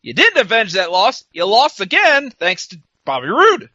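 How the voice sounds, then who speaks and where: A man co-hosting a podcast, recapping a wrestling show in casual chat, sarcastic and quick to mock, laughing often and quoting the wrestlers in mock voices. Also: high-pitched, huge pitch swings, bright, forceful tone, no room sound, lo-fi sound. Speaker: podcast co-host.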